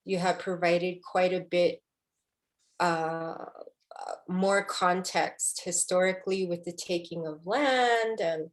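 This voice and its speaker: A woman poet in a book conversation, speaking emotionally and haltingly, with many restarts. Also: on the low side. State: tearful.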